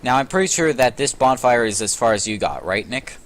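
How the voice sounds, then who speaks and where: A man's voice: medium pitch, very animated, fairly quick, fairly bright tone. A young man hosting a let's play, joking and sarcastic as he talks through the game and swears casually. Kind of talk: casual gameplay commentary.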